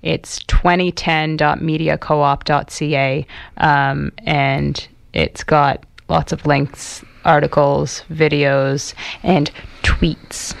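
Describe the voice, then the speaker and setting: A radio co-host, speaking slowly with fillers in a casual way. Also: medium pitch, flat delivery, creaky, clear, resonant tone, no echo. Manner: slow, unhurried, with fillers.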